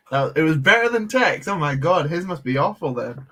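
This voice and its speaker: A man's voice: fairly high pitch, bright, forceful tone. A man hosting a casual livestream, chatting with viewers while tinkering with a build, laughing easily and poking fun at himself. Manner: laughs easily, self-deprecating. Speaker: Lego livestream host.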